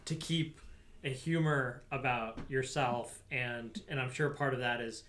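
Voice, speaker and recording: A man hosting an interview podcast, reacting quickly and laughing along with his guest. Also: medium pitch, a bit bright, slight background noise. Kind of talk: casual interview.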